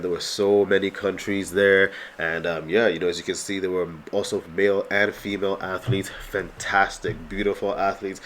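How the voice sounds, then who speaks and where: A Canadian bodybuilder vlogger with a cold gives rambling, casual voice-over commentary packed with fillers like "you know." His low voice sounds congested, and there's slight background noise.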